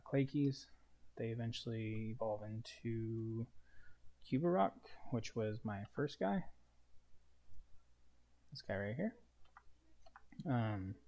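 A man talks through a game he is playing, in an easygoing, rambling way full of fillers. His voice sits in a middle pitch with a warm, mellow tone. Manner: relaxed, rambling, many fillers. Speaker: gaming channel host. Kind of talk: casual let's-play commentary.

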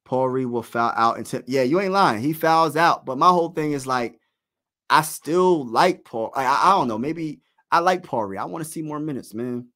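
A man calling live basketball play-by-play as a fan host, excited and partisan, dropping slang and talking straight to his chat. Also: fairly high pitch, moderate pace.

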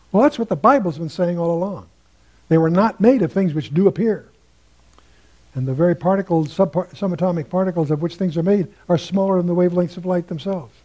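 An older man leads a Bible study lecture, wandering into asides. His voice sits a bit high but sounds mellow and warm. He lifts his tone when he quotes scripture. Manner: musing, digressive, quotes scripture in a lifted voice. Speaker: Bible teacher.

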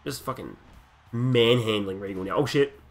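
A young Australian man casually commentating a wrestling video game, joking crudely and breaking into excited wrestling calls. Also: mid-range voice, moderate pace, soft background music. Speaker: gaming commentator. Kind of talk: casual let's play commentary.

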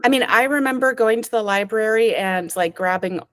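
A woman's voice: fairly quick, no echo. A woman author, reading her own fiction expressively over a video call from home, then chatting. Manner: expressive reader with sharp rises in pitch on dialogue. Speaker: author and guest. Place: home with a cat.

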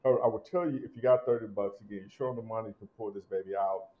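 Man, fragrance-review host, emphatic, loud bursts then quiet asides, muffled audio. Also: very fast. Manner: animated, emphatic, swings between loud punches and low asides.

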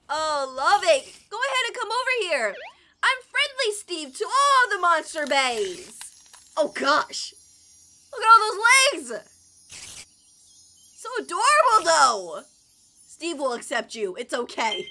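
A young woman reacting to animations, excitable and gushing, with squealing exclamations. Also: high-pitched, a little slow. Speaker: reaction video host. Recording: noticeable background noise.

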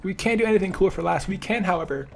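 A man's voice: sits high, lively intonation, fast, gravelly, a little mellow, faint music behind. A young man giving live gameplay commentary, joking, trash-talking opponents and laughing often. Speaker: gaming YouTuber.

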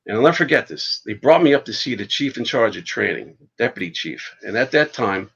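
A man, a podcast guest and fire chief, telling stories in a casual, animated way and swearing freely. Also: mid-range voice, brisk, creaky, breathy edge. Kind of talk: casual storytelling. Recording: dull lo-fi podcast audio.

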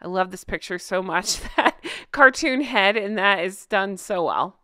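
A woman's voice: medium pitch, unhurried, pushed and bright, dry recording, studio quality. A woman co-hosting a casual commentary show, reading out social media posts and reacting with amusement. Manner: amused, laughing often. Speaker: co-host.

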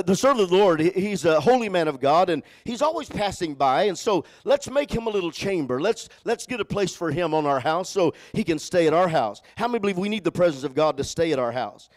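High-voiced preacher calling to his congregation. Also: expressive, fairly quick, hardly any pauses. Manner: preaching with call-and-response to the congregation; swings from loud exhortation to hushed, low storytelling. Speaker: pastor. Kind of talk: sermon.

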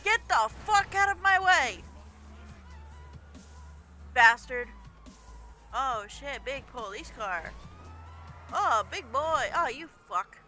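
Woman streamer, bright piercing voice, unhurried, cursing at traffic, game music faintly underneath. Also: high voice, expressive. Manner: brash, profane, yelling at other drivers; laughs often. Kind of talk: casual gameplay commentary.

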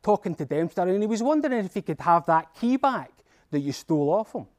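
A man's voice: high voice, sing-song, fairly quick, a little mellow. A man doing an eager, cheeky Scottish boy. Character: eager, polite young boy on a quest.

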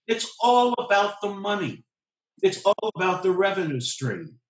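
A man's voice: high-pitched, sing-song, unhurried. Emphatic man lecturing in an echoey room. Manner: lecturing, emphatic, repeats key phrases. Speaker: professor and journalist. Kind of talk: conversational discussion.

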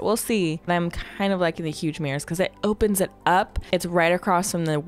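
Young woman, casual gameplay chatter at a desk mic, fairly low voice for a woman, soft music behind. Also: normal speed, few pauses. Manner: chatty, thinking aloud with playful asides. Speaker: Sims building creator.

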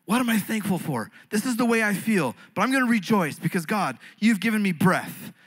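A man preaching as a pastor, earnest, swinging between fervent rises and quiet, intimate passages. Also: sits high, big pitch swings, brisk, breathy edge, low-quality recording. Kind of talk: sermon. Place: church stage.

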